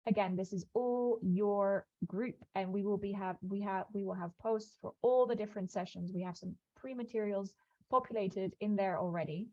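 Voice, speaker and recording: A woman's voice: medium pitch, normal speed, a little mellow, no room sound. A woman hosting an onboarding video call, chatty and informal, with many fillers and restarts. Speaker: program host. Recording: dry, slightly dull video call audio.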